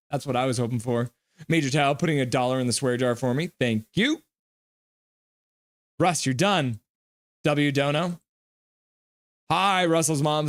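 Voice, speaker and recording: A man streaming a live reaction, calling plays and reading chat aloud with excitable, jokey trash talk. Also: medium pitch, dry recording.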